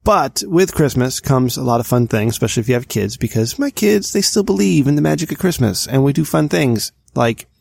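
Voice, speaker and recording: A man's voice: mid-range voice, expressive, a little fast, gravelly, hardly any pauses, darkish tone. A man in his thirties co-hosting a podcast, telling a long exasperated story in casual chat. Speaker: podcast co-host.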